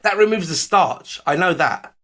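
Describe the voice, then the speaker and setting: A man co-hosting a radio show, joking and teasing with a drawn-out mock-grand delivery. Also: sits high, animated, a bit bright. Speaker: radio co-host. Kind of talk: casual radio banter.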